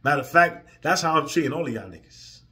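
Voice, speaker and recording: A man ranting emotionally in a profane vlog, drifting from quiet, weary talk to loud, heated outbursts. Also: a little high, lively intonation, fast talker. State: emotional, near tears. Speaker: vlogger.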